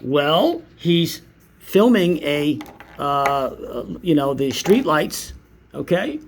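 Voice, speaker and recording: A man's voice: on the high side, sing-song, takes it slowly, a little hiss or hum. A man giving casual commentary on videos in a sarcastic, mocking, profane manner. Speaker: YouTube commentator.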